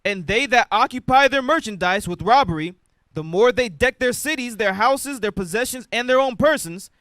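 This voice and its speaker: A man in a Bible class reads scripture aloud in steady, measured verses. His voice is high and bright, and the recording is dry with little room sound. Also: no echo. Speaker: class member reading scripture.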